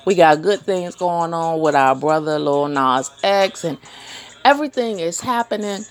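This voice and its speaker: A woman hosting a podcast, telling funny weekend stories in a casual, animated way and acting out the other people in them. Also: lowish voice, a little slow. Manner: animated storytelling, laughs often, acts out voices. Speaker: podcast host. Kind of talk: casual chat.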